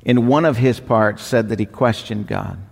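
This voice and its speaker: A man preaching a sermon with slow, deliberate emphatic repetition. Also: fairly low pitch, vocal fry. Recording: long hall reverb.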